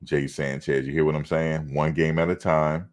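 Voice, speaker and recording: Very deep-voiced male fan stream host. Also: level tone, moderate pace. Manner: laid-back, teasing chat commenters. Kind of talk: casual chat reading live comments.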